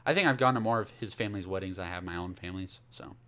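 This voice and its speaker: A man's voice: low-pitched, racing, fairly bright tone. A young man co-hosting a casual podcast, telling a story in a rambling way and losing his thread. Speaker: podcast co-host.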